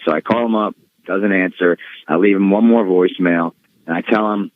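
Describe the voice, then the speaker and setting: A low-voiced man tells a story as an interview guest, casual and animated. The sound is dull and bone dry, with no room at all. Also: moderate pace, dry recording. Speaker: guest wrestler.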